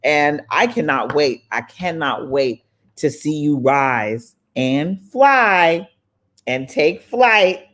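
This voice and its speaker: A woman's voice: low voice, expressive, takes it slowly, fairly bright tone. A woman hosting a live online summit in casual, motivational chat. She sounds affectionate and upbeat, calling listeners "baby" and "y'all". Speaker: summit host.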